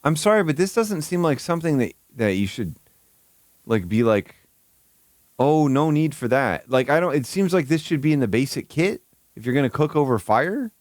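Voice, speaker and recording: A man's voice: fairly high pitch, big pitch swings, fairly quick, no echo, clean studio sound. A man streaming live, reacting to a video with incredulous, stammering, profane commentary. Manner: incredulous, swearing, stammering with bursts of laughter.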